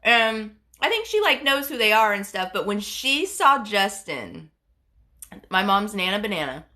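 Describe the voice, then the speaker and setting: A woman's voice: mid-range voice, very animated, measured pace, sharp tone. A woman with a head cold, hosting a casual livestream, chatting to viewers in a rambling way. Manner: chatty, rambling storyteller with lots of fillers. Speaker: livestream host. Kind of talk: casual live chat reading comments.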